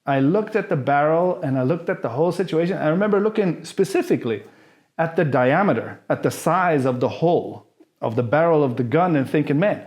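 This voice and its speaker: A man's voice: a little high, lively intonation, brisk, a little mellow. A man telling a personal story in casual, candid speech, freely swearing and acting out the people he describes. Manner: candid, profane, acts out the people in his story. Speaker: vlogger answering viewer questions.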